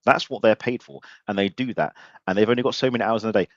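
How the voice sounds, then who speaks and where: A man's voice: on the low side, quick pace, dry recording, highs cut off. A man hosting a casual live show, talking bluntly and animatedly and swearing freely. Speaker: podcast host. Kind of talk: casual livestream chat.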